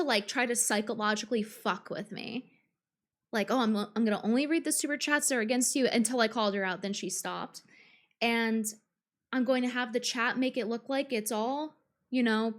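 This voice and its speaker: Combative, high-voiced woman ranting. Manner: combative and profane, with frequent fillers and restarts. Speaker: streamer. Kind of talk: live-stream reaction rant.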